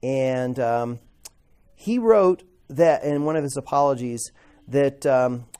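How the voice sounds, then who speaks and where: A man teaching a classroom Bible lesson in a conversational way, asking the class questions and acting out quoted voices with sudden loud outbursts. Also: mid-range voice, takes it slowly, clear, resonant tone.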